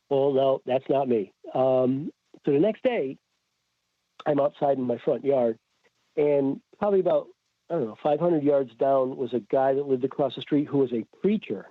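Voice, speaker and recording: The podcast guest, a man with a mid-range voice, talks at an ordinary pace while telling a story in casual conversation. He brings the quoted dialogue to life with animated delivery. His remote call sounds tinny and phone-like, with no echo.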